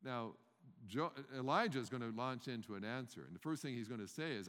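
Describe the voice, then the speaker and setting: With an expressive, brisk, somewhat bright voice of medium pitch, a preacher talks to his congregation in a relaxed, chatty style. He keeps throwing out rhetorical questions and going back over what he has said, all echoing with the long reverb of a big hall.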